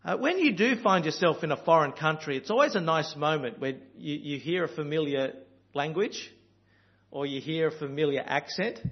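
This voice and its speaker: A man's voice: a little high, animated, normal speed, highs cut off. A man from Australia with an Australian accent, preaching a sermon in an earnest, storytelling way with frequent ums and uhs.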